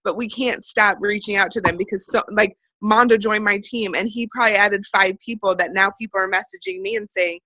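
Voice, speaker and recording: A woman's voice: medium pitch, fairly even intonation, fairly quick, hardly any pauses, pushed and bright, no room sound, low-quality recording. A woman from central Illinois, a guest speaker on a video call for a sales team, chatting and acting out the conversations she has had. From central Illinois, USA. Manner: chatty, acts out quoted conversations.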